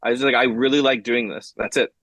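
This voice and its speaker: Fast, bright-voiced man telling stories. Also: mid-range voice, dry recording. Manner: animated, acts out quotes, many fillers and restarts. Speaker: guest comic writer. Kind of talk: casual storytelling interview.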